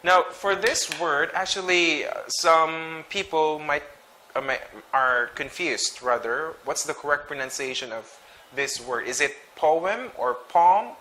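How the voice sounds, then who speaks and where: Slow, bright-voiced male English teacher. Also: fairly high pitch, fairly even intonation. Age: adult. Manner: slow and deliberate, repeats each word twice with brief explanations. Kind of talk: pronunciation lesson, reading sight words.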